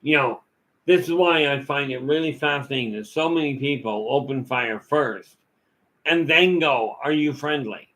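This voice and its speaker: A man's voice: medium pitch, normal speed, a bit bright, poor audio. A man giving a rambling, folksy talk full of stories and asides as a vlog host. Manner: folksy, storytelling, many "you know" fillers.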